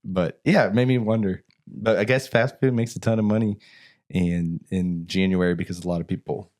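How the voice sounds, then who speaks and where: Low-voiced man, casual podcast chat. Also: normal speed. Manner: animated storyteller, mimics voices in anecdotes. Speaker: podcast co-host.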